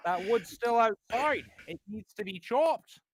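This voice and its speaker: A man's voice: high-pitched, lively intonation, measured pace, a little hiss or hum. A man putting on the voice of a stern, pedantic middle-aged lecturer who moralizes with folksy maxims. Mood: lecturing. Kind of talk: comedic impression on a live stream.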